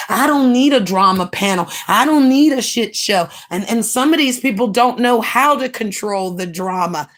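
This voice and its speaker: A woman from the United States, livestreaming in blunt, brash and mocking casual chat. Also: medium pitch.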